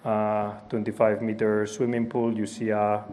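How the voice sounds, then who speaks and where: A Spanish-accented man answers at length in a composed, articulate way. His voice is on the low side and stays quite level in pitch throughout. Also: completely flat delivery, normal speed, darkish tone, a little hiss or hum. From Spain. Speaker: racing driver. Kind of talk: press conference answer. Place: press conference room.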